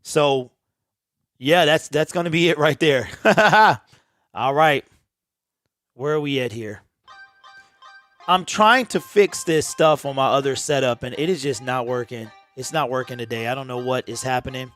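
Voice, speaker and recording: A man hosting a live game stream, calling plays casually and reacting loudly, then muttering in frustration over his setup. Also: mid-range voice, a little slow, pauses often, faint music behind. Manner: excitable, talks to viewers, frustrated muttering. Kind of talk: casual play-by-play over a broadcast.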